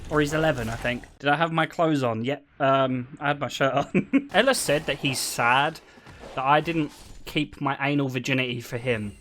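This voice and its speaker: A young man streaming and chatting casually, telling stories in an animated way with frequent laughter. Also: a little high, a little hiss or hum. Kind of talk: casual chat.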